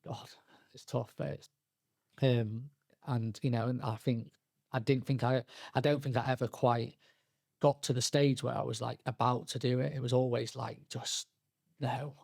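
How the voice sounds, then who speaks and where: A young man tells his own story on a podcast, pausing, restarting and acting out what people said to him. His voice is gravelly at an average pitch. The sound is dry and close. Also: level tone, a little mellow, dry recording. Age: young adult. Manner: halting, frequent restarts and fillers, quoting himself and others. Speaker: podcast guest. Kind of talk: candid personal storytelling.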